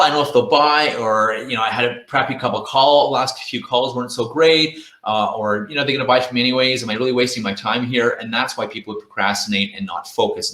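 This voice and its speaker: A man's voice: on the low side, sharp tone, echoey room. A man giving a sales training talk at a virtual conference, coaching the audience directly and acting out inner thoughts in quoted voices.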